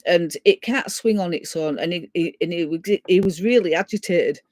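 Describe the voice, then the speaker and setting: A woman's voice: fairly low pitch, normal speed, a little mellow, no room sound. Chatty woman telling a ghost story. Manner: chatty, retells dialogue at length, frequent "so" and "and he said". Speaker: guest sharing a ghost story. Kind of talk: casual spoken storytelling.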